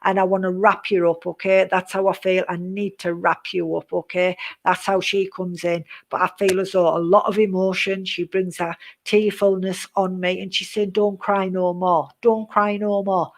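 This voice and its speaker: A middle-aged woman with a somewhat low voice gives a live psychic reading. She talks in a reassuring, repetitive way and often ends her phrases with a questioning "okay?". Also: flat delivery, normal speed, few pauses. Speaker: psychic medium.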